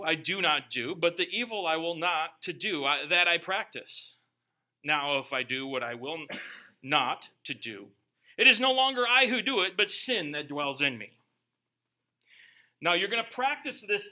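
A man's voice: sits high, sharp tone, rough recording. A male pastor preaching a sermon to a congregation, reading scripture aloud and breaking in with joking, conversational asides. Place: church before a live congregation.

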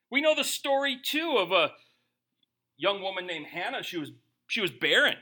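Man, pastor, sermon, joking rhetorical questions, very bright tone, high pitch. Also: normal speed. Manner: humorous, animated preaching with rhetorical questions.

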